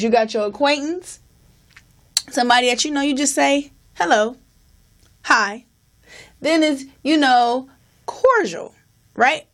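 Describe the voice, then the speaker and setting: A young woman co-hosting a podcast, relaxed and explaining things step by step with many "you know"s. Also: sits high. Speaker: podcast co-host. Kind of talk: casual podcast chat.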